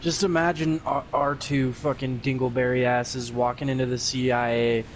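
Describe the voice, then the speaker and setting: Man, young adult, mid-pitched, podcast co-host, wry, laughing, casual chat. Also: level tone, moderate pace, slight background noise.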